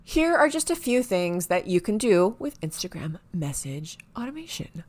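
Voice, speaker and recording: A woman hosting a marketing explainer video, talking excitedly and sometimes stumbling over her words, with quiet asides. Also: lowish voice, normal speed. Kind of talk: enthusiastic to-camera explainer.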